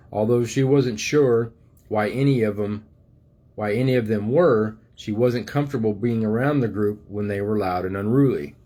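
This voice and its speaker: An older man, a grandfather, reading a storybook aloud to his grandchildren in a gentle, unhurried way. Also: fairly low pitch.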